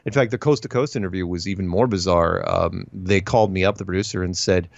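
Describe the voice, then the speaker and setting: A low-voiced man chatting as an interview guest, animated and full of restarts, slipping into quoted voices as he tells his story. His voice comes through dry and a bit dull, like lo-fi remote audio. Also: quick pace, gravelly, dry recording.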